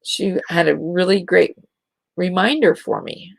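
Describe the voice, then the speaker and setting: A middle-aged woman hosting a spiritual talk show, speaking in a slow, gentle and encouraging way to her listeners. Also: on the low side, sing-song, vocal fry, dry recording. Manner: gentle, encouraging, drawn-out delivery with soft giggles.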